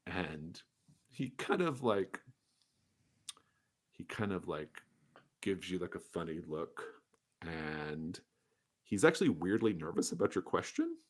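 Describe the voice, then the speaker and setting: A man's voice: low voice, lively intonation, measured pace, breathy edge. A man narrating scenes as the game master of a tabletop game, describing places in detail with casual fillers.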